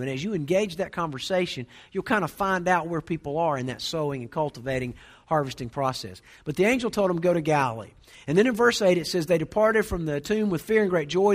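A middle-aged man preaching a sermon, conversational, with storytelling asides. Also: a little high. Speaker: pastor.

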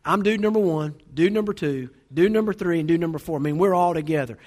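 A quick-talking pastor in his forties delivers a sermon with a fairly high, bright-toned voice. He tells a funny story with animated, lively storytelling, moving briskly from line to line. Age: 40s.

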